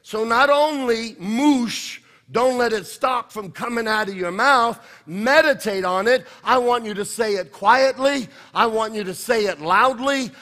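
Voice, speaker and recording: A male pastor preaching a sermon emphatically, dropping low and then rising to shouts. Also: measured pace, hardly any pauses.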